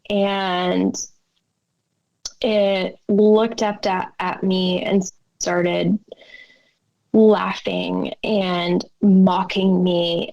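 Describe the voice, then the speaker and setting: A woman's voice: mid-range voice, gravelly, a little mellow, muffled recording. A woman as a podcast guest, telling a personal story with emotion and acting out the lines of people in it. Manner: emotional storytelling, acts out quotes.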